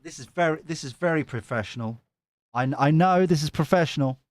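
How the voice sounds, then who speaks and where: A man's voice: a little high, brisk, dry recording. A man giving a tarot reading on a live stream, chatty and rambling, often mocking himself. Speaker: tarot reader.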